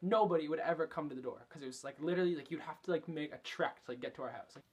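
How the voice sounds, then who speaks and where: Young man, vlog storytime, rambling and profane, slightly high voice, breathy. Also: racing. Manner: chatty, profane, filler-heavy. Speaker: vlogger. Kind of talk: casual storytelling.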